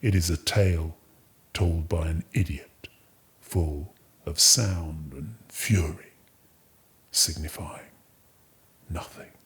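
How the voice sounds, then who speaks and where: Macbeth, a man voicing a deep, slow, despairing king. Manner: slow, grave, measured delivery. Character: despairing middle-aged male king, weary and hollow. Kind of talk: dramatic Shakespeare recitation.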